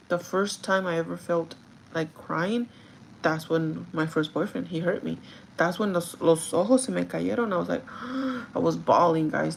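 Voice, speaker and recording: A woman's voice: on the low side, creaky, slight background noise, poor audio. A young woman livestreaming a casual get-ready-with-me chat, confiding in viewers, with lots of "like" fillers and some Spanish words mixed in. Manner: chatty, confiding, many "like" fillers.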